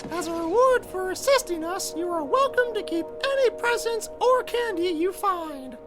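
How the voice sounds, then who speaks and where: An actress playing a cheerful gingerbread colony greeter in a game, speaking in bright exclamations. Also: female voice, extremely high pitch, expressive, normal speed, over loud music. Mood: instructive. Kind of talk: video game character dialogue.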